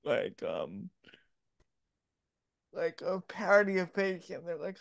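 A man's voice: sits high, big pitch swings, slow, creaky, long pauses, a bit bright, dry recording. A man co-hosting, chatting in an amused, casual way. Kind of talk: casual chat.

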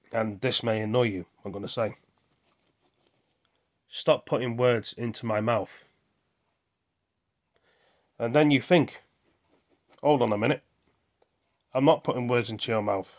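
A man venting his frustrations in a rambling video monologue, often asking and answering his own questions. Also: medium pitch. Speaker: vlogger.

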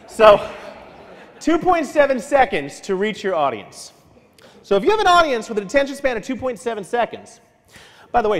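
A fairly high-voiced man gives a keynote in a big reverberant hall. His pitch swings widely as he tells stories and tosses in quick asides. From New York. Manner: animated, storytelling with quick asides and acted-out quotes. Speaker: keynote speaker. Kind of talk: conference keynote talk. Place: large hall.

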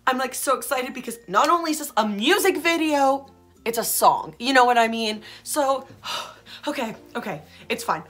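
A woman's voice: high-pitched, lively intonation, moderate pace, a bit bright. Gushing, swearing young woman reacting. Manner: gushing, swears constantly, gasps and shrieks. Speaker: YouTuber reacting to a music video. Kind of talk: excited reaction vlog. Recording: music playing faintly behind.

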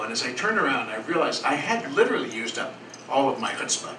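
A male storyteller tells a personal tale in an earnest, rambling way, pausing and restarting as he goes. He is heard from a distance in an echoing café, with a steady hum of noise around him. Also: mid-range voice. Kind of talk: live storytelling performance. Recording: roomy, distant, noisy live café.

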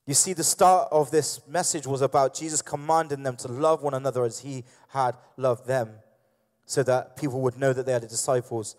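A man's voice: medium pitch, steady tone, a little fast, darkish tone, big-room sound. A man preaching a sermon with passion, repeating phrases and acting out the voices of those in the story. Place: church.

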